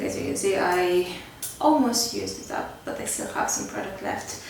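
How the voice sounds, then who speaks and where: A beauty vlogger chats casually through a makeup tutorial, filling her talk with "like" and "kinda." Her fairly low voice swings hugely in pitch, with vocal fry, at normal speed. The mic sits at a distance in a very echoey room with faint background noise.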